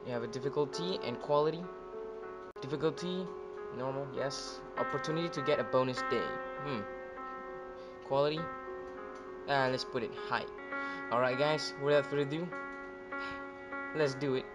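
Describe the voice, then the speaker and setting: A male gaming video host giving casual let's-play commentary, jumpy and excitable, yelping when scared. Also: medium pitch, normal speed, long pauses. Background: game music.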